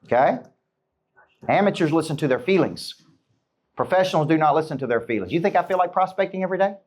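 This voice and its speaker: Punchy middle-aged coach firing questions. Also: male voice, a little high, expressive, fast. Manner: punchy, fires rhetorical questions at the crowd. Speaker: business coach. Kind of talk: motivational talk to a live audience.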